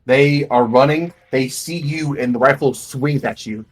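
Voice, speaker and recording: A man's voice: mid-range voice, unhurried, soft background music, poor audio. A man narrating as game master for a tabletop role-playing game, describing scenes loosely with many fillers.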